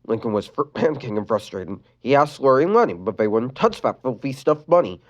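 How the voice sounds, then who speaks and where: Expressive fan-story reader. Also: medium pitch, brisk, hardly any pauses, highs cut off. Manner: expressive reading with restarts. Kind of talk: reading a fan-written sad story.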